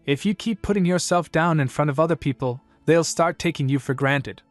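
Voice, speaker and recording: A man's voice: fairly high pitch, brisk, no echo, soft background music, voice pushed up, natural voice. A man voicing a blunt but kind young duke in a storybook recap, speaking in a straightforward, reassuring way.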